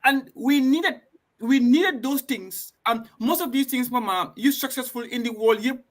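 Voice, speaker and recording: A man hosting a casual discussion, talking in an animated, emphatic way with frequent restarts. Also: very high-pitched, measured pace. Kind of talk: casual discussion mixing English and Wolof.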